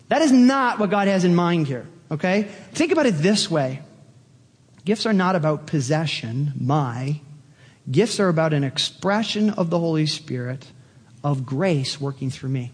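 A man's voice: on the high side, normal speed, big-room sound. A man preaching as a pastor, emphatic and building with enthusiasm. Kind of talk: sermon.

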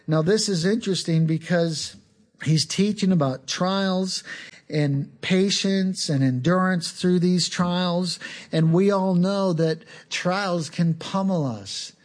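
Casting: male pastor, slightly higher voice, earnest unhurried sermon delivery. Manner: earnest, unhurried teaching with small repetitions.

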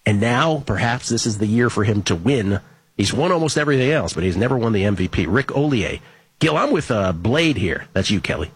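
A man's voice: fairly low pitch, animated, breathy edge. A man hosting a sports betting show, reading listener tweets aloud in a casual, wry, joking way. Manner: wry, joking, reads names and stats quickly.

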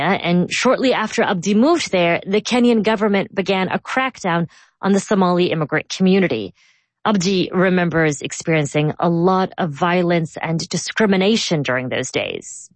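A woman hosting a news podcast, narrating a scripted story in a measured, clear way and interviewing a guest. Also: on the low side, no echo. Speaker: host.

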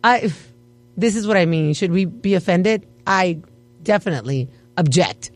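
A woman's voice: mid-range voice, measured pace, no room sound. A woman radio host chatting casually, laughing and playfully acting offended. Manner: animated, laughing, mock-offended. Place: radio studio. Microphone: studio mic.

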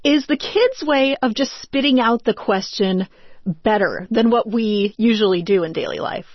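Husky lady interviewer, careful, precise, dry muffled audio. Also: a little high, animated, normal speed, dry recording. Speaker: interviewer host. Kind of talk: scripted interview questions.

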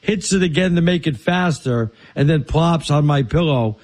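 A man co-hosting a casual sports talk show, telling animated stories. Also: a little high, normal speed. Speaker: co-host. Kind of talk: casual sports radio chat.

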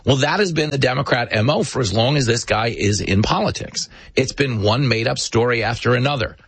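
Brief: emphatic male commentator, husky, dry close mic. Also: mid-range voice, a little fast, no echo. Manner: emphatic, sarcastic, animated storyteller. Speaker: talk show host. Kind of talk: political commentary monologue.

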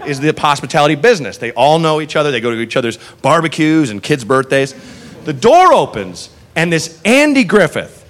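Animated man telling a stand-up story. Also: on the high side. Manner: animated, profane, jumps into voices. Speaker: stand-up comedian.

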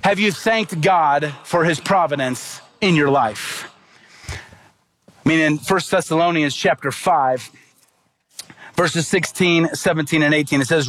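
A man's voice: a little high, slow pace, long pauses, fairly bright tone. A middle-aged man preaching a sermon as pastor, earnest and emphatic, asking the congregation rhetorical questions.

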